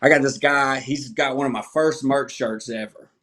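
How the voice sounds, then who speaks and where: A man, a comedian guest, telling stories in a casual, animated, profane way and laughing often. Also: medium pitch, moderate pace. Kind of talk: casual storytelling interview.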